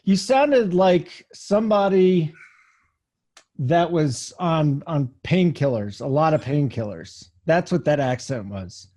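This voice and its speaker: A man's voice: a little high, expressive, a little mellow. A man hosting a sports podcast, introducing co-hosts and teasing them in casual chat. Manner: teasing, brisk. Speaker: podcast host.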